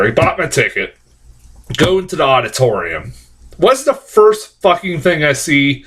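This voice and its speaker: A young man giving a casual, rambling movie review that is full of swearing. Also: medium pitch. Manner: animated, profane, rambling.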